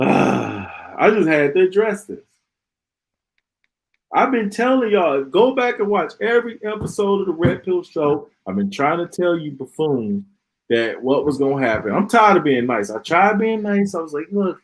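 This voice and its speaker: A man's voice: sits high, animated, normal speed, low-quality recording. A man hosting a live stream, ranting in an exasperated, sarcastic way and often repeating himself. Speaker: podcast host.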